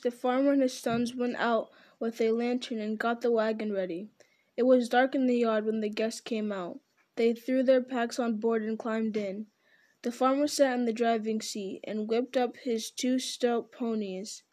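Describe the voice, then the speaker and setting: A woman reading a novel aloud, her voice sitting a little high. She keeps a steady, unpolished pace and stumbles now and then, correcting herself before going on. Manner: steady, unpolished, with small slips.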